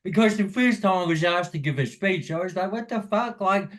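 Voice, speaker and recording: A man whose speech carries the slur of cerebral palsy. His voice sits high for a man. He chats frankly and casually, swearing now and then and restarting his thoughts. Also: brisk. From New Zealand. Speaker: podcast guest, inspirational speaker. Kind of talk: casual chat.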